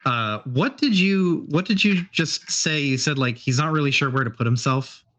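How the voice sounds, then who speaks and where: A man's voice: fairly high pitch, lively intonation, normal speed, fairly bright tone. A man narrating as game master in a tabletop game, talking in a rambling, hesitant way. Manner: rambling, hesitant, full of fillers.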